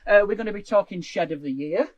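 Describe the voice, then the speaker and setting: A man's voice: high-pitched, fast, lo-fi sound, very noisy. A man hosting a live-streamed comedy show from a shed, jokey and rambling, slipping into a doddery pensioner voice. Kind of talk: live-streamed comic chat. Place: garden shed. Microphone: live stream setup.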